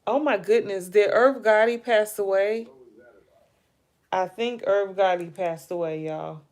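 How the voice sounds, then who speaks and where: This livestream host has a mid-range, slightly mellow voice and takes her time as she chats casually about celebrities. She muses aloud, talks directly to her audience, and keeps yawning like someone who's tired.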